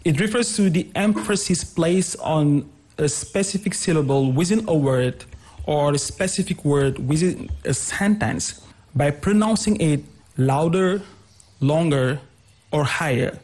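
A man's voice: on the high side, measured pace, darkish tone. A man explaining English pronunciation on a radio lesson, repeating example words with fillers. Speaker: English teacher guest.

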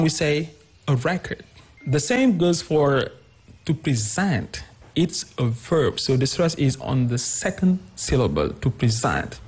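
A man's voice: medium pitch, darkish tone, breathy edge. A man, an English teacher explaining pronunciation patiently in a radio interview and repeating example words.

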